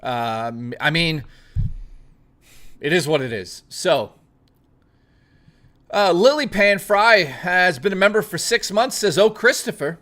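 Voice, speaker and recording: A young man chats loosely on his live stream, reading viewer messages aloud and swearing freely. His voice sits a little high and rings bright and forward, with a casual, offhand rhythm. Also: expressive, slow pace, long pauses. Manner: loose, profane, reads viewer messages aloud and riffs on them. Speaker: livestreamer.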